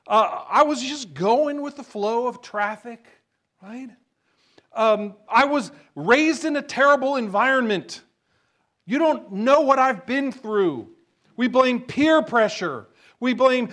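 A man's voice: extremely high pitch, animated, takes it slowly, fairly bright tone. A man preaching a sermon in a conversational style, often checking in with "right?". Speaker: pastor.

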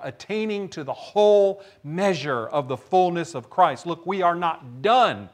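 A man preaching a sermon as pastor, telling a story with animated shouts. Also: high-pitched.

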